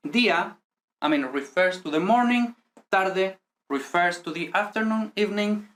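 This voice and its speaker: A man's voice: a little high, fairly bright tone. Spanish-accented male teacher, casual screen-share lesson, tentative, tags sentences with "no?". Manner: hedging, ends phrases with a questioning "no?".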